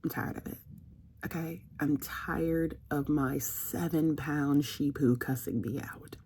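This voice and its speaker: A chatty woman talks through her day in a relaxed vlog, laughing often. Her voice sits low for a woman. She teases her dog in a playful, scolding way. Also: a little slow, a little hiss or hum. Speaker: vlogger. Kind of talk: casual vlog chat.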